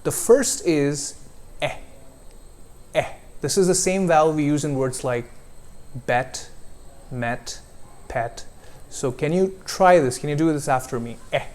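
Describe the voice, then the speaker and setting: A man coaching pronunciation, modeling vowel sounds slowly and deliberately for a learner to repeat. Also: fairly high pitch, darkish tone. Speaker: accent coach. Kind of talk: pronunciation lesson.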